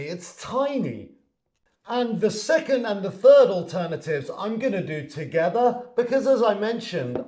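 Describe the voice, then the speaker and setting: In an online language lesson recorded in an echoey room, an English teacher explains words and acts out example sentences. His voice sits high and is a little mellow.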